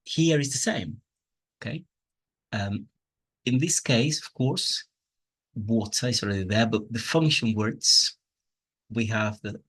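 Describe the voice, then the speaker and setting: A man explaining pronunciation over slides, unhurried and patient. His voice sits a little low and has a husky edge. He is openly enthusiastic about teaching. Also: a bit bright. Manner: slow, patient explaining with spoken examples. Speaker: English teacher.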